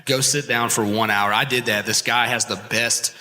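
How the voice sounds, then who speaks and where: A man, a landscaping business owner, giving energetic pep-talk advice as the guest of a live podcast. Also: mid-range voice, moderate pace. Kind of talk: live podcast interview before an audience. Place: large expo hall with live audience. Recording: long hall reverb.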